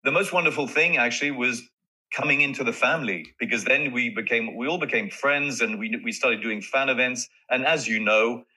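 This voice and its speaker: A man being interviewed as an actor, talking in a casual, animated way and often laughing and restarting his sentences. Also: medium pitch, brisk, slightly rough, poor audio. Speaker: actor guest.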